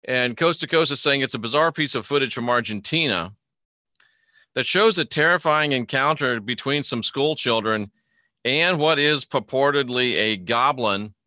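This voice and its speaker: A man's voice: mid-range voice, moderate pace, sharp tone, dry recording, clean studio sound. A man hosting a live online show in a casual, rambling way, reading a news article aloud, commenting on it and greeting chat viewers by name.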